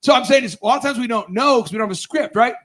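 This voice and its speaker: High-voiced animated male conference speaker. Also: racing, rough recording. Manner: animated, loud bursts when acting out scenes, laughs mid-sentence. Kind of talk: comedic storytelling keynote. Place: conference stage before a live audience.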